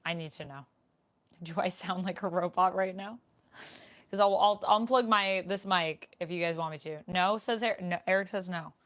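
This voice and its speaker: Chatty young woman streamer, lowish voice. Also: moderate pace, a bit bright. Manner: chatty, reads viewer comments aloud. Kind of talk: casual live Q&A chat. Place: home room, indoors. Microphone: desk microphone.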